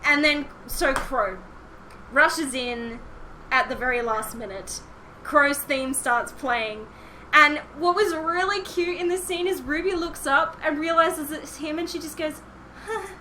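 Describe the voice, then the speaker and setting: A woman's voice: sits high, takes it slowly, bright, forceful tone, a little hiss or hum, poor audio. A young woman co-hosting a podcast in casual chat, enthusiastic and laughing often. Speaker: podcast co-host.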